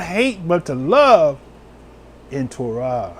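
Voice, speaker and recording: Emotional preacher man, high and lively. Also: takes it slowly. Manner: emotional, exclaiming, swinging between loud and hushed. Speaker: elder preacher. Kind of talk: sermon.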